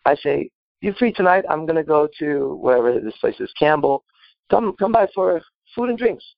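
Brief: boastful, foul-mouthed man, slightly high voice, dry dull sound. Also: lively intonation, normal speed, gravelly, no echo. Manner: boastful, swearing, rambling with filler words. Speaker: panel host answering a listener question. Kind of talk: brash profane casual talk.

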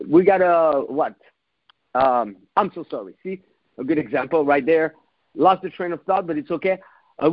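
Animated storytelling male dating coach. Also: fairly high pitch, no room sound, lo-fi sound. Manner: animated storytelling with frequent restarts and laughs. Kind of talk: motivational monologue.

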